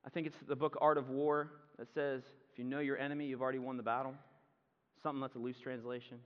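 A pastor giving a conversational sermon with casual asides. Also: male voice, medium pitch, flat delivery, fast. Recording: muffled sound with long hall reverb.

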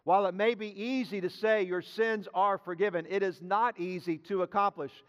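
A man's voice: high-pitched, fairly even intonation, moderate pace, big-room sound. A man preaching a sermon as pastor, emphatic, often repeating key phrases.

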